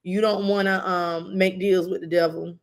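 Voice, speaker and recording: A woman's voice: lowish voice, level tone, normal speed. A woman doing a live-stream intuitive reading, talking casually with lots of fillers. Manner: casual, rambling, filler-heavy. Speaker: intuitive reader.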